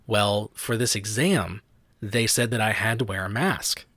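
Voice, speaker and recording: A young man, co-hosting a podcast and telling stories in a chatty, animated way. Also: lowish voice, a little slow, dry recording. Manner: chatty storyteller, animated quotes, frequent "like". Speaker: podcast host. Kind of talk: casual chat.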